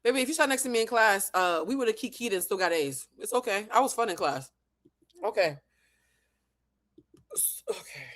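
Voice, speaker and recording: A woman's voice: medium pitch, lively intonation, moderate pace, long pauses, a bit bright. A woman hosting a live reaction stream, giving sassy, mocking commentary and laughing often. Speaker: host.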